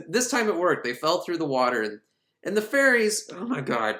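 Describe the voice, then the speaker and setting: A man giving a casual, irreverent recap of an animated film, rambling and laughing as he goes. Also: on the high side, moderate pace. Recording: roomy echo.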